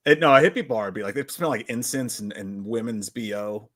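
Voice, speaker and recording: A man's voice: lowish voice, brisk, fairly bright tone. A man co-hosting a casual livestream chat from home, cracking crude jokes and reading out viewer comments. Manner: crude joking, reads chat comments aloud. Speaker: livestream co-host.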